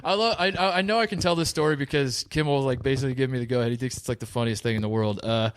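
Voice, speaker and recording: A man's voice: mid-range voice, very fast. A man as a podcast guest, telling a story in casual chat, rambling with lots of "like"s and restarts.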